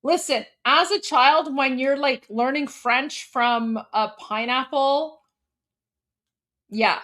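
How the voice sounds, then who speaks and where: Her voice is high and a bit bright, and she talks slowly. She's a livestream host from Canada in her forties, keeping the casual chat bubbly and full of laughter.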